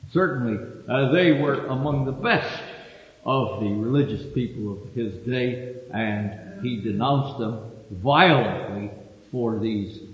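A man preaching a sermon, reading Scripture with rising emphasis and teaching with frequent hesitations. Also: medium pitch. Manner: reads Scripture with rising emphasis, lectures with fillers. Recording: echoey hall, dull lo-fi sound.

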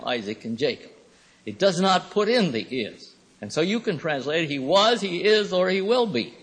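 Husky, high-voiced man lecturing in a hall. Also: fairly bright tone. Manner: rambling, thoughtful, with many pauses and fillers. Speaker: Bible teacher. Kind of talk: classroom lecture. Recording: reverberant hall recording.

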